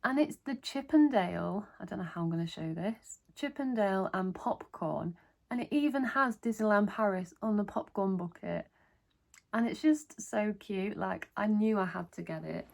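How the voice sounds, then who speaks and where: In a casual haul vlog, a woman gushes with enthusiasm over every item she shows. Her mid-range voice carries vocal fry at a normal speed.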